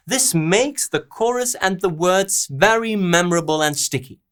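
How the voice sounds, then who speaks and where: A man's voice: high voice, expressive, a little slow, fairly bright tone, clear, resonant tone. A man hosting a songwriting lesson, walking through a song's lyrics and chords and sounding out rhythms and stresses. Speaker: host and songwriting teacher. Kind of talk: song analysis lesson.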